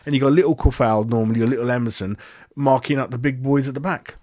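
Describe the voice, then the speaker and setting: A man's voice: medium pitch, quick pace, a little mellow. A man hosting a football fan channel, ranting after a match in an exasperated, repetitive way with plenty of swearing. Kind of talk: post-match fan rant.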